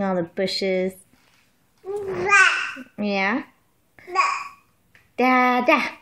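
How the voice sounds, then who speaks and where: A woman's voice: medium pitch, expressive, drawn-out words, long pauses, sharp tone. A mother talking to her baby in a home video, coaxing and teasing in playful sing-song baby talk.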